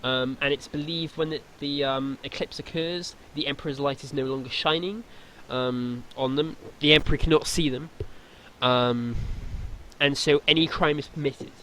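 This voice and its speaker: A man's voice: a little high, fairly even intonation, moderate pace, sharp tone, slight background noise. A man running a tabletop role-playing game, explaining lore in a rambling way with lots of fillers. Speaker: game master.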